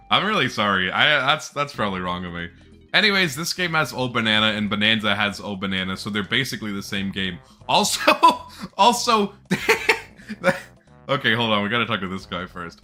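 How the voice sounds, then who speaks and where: Very bright-voiced chatty male streamer. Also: on the low side, big pitch swings, moderate pace, soft background music. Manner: chatty, rambling, laughs a lot. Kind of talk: casual live-stream chat.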